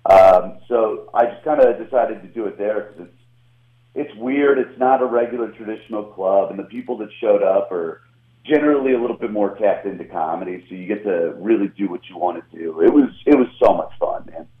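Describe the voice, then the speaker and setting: A man's voice: lowish voice, a little fast, reverberant. Southern man on a tinny phone line. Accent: slight Southern US. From Atlanta, US South. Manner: animated, laughing, self-mocking. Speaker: guest comedian. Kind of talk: casual interview chat.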